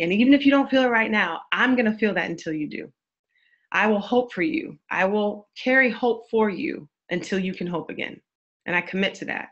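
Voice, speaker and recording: A woman's voice: medium pitch, lively intonation, normal speed, a bit bright. Earnest woman therapist, slightly muffled. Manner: earnest, affirming, repetitive phrasing. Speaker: therapist and church speaker. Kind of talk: webinar teaching talk. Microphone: webinar microphone.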